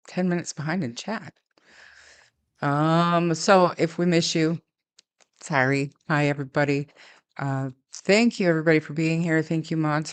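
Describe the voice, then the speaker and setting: A woman's voice: low-pitched, smooth. A woman co-hosting a casual livestream, friendly as she thanks viewers and moderators. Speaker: livestream co-host.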